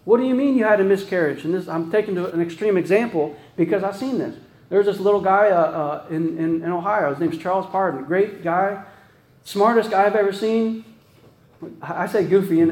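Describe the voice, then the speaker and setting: In an echoey room, a man with a fairly high, slightly mellow voice preaches loosely and conversationally. He checks in with listeners through frequent "right?" and often stops to restart phrases.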